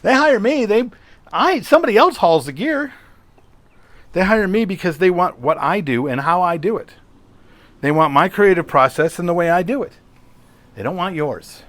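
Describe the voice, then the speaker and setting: Man posing rhetorical questions, slightly high voice. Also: expressive, normal speed, long pauses, a bit bright, dry recording. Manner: conversational, rhetorical questions, storytelling. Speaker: podcast host. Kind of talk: solo podcast monologue.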